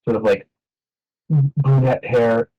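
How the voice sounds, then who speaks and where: A man narrating as game master of a tabletop game, relaxed and hesitant with many fillers. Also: mid-range voice, takes it slowly, dull audio.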